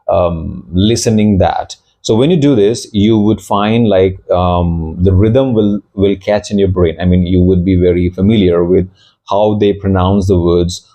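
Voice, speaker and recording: Low, mellow Indian man teaching English. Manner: explanatory, with frequent fillers and restarts. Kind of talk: YouTube English lesson.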